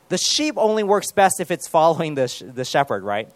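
A man in his thirties preaching a conversational sermon. He mixes in self-deprecating jokes and prays aloud softly. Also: a little high, big pitch swings, fairly quick, few pauses, dry recording. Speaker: pastor.

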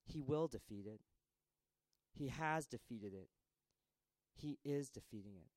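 A man preaching a sermon dramatically, with a repetitive cadence that swings between raised pleas and hushed lines. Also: mid-range voice, animated, a little slow, no room sound, rough recording.

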